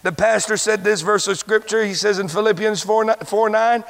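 A man preaching a sermon as pastor, stumbling over repeated words and breaking into shouted exclamations. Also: sits high, steady tone, normal speed, gravelly. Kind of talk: sermon with a healing testimony.

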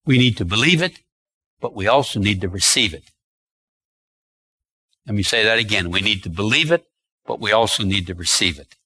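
Male preacher, emphatic and repetitive sermon delivery, bright, forceful tone. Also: on the low side, lively intonation, normal speed, long pauses, slightly rough, poor audio. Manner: emphatic and repetitive, stretching key words.

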